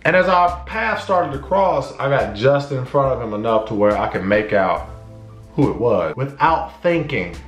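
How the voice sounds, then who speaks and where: A man casually telling a personal story to camera, acting out his own shouts and conversations. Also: medium pitch, moderate pace, reverberant, soft background music. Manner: animated, acts out his own shouts and dialogue. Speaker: vlogger.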